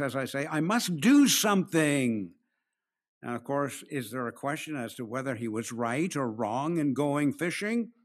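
A man preaching an expository sermon, slowing down to stress key phrases and acting out the quoted lines. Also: medium pitch. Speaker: pastor.

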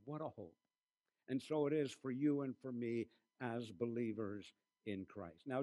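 Male pastor preaching a sermon. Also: fairly high pitch. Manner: preaching with emphatic slowed phrases and quiet storytelling asides.

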